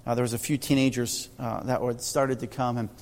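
A male pastor telling stories in a sermon, often halting and repeating words. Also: mid-range voice, little pitch movement, darkish tone, big-room sound. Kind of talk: sermon storytelling.

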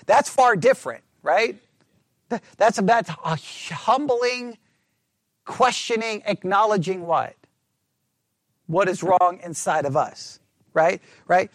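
A man delivering a sermon as a Bible study teacher, his voice sitting high for a man. He talks in an animated, self-mocking way, peppering points with "right?" to the room. The sound is dry and close. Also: slow pace, long pauses, no echo. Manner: frequent "right?" check-ins with listeners.

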